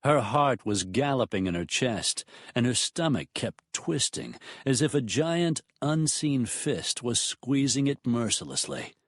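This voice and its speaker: A man narrating a romance audiobook in a measured, expressive storytelling manner. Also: medium pitch, no echo, clean studio sound.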